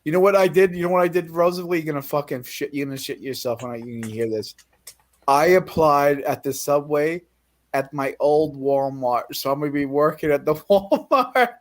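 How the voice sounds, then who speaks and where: A man's voice: a little high, moderate pace. A man in casual chat, telling a story in a profane, ranting way. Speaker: guest telling his story.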